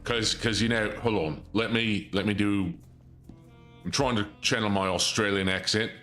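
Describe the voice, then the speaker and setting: A man's voice: on the low side, normal speed, fairly bright tone, soft background music. A man streaming a video game, rambling and joking through casual commentary. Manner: jokey, rambling, self-interrupting. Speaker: gameplay streamer.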